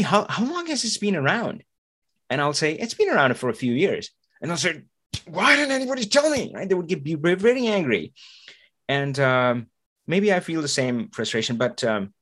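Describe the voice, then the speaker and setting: Animated man hosting a podcast. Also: a little high. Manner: animated, acts out little voices and asks rhetorical questions. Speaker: podcast host. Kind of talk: motivational podcast monologue.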